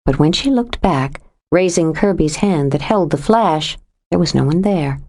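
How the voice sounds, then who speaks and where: A woman narrating a suspense audiobook in a steady, measured reading voice. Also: deep voice. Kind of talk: scripted narration.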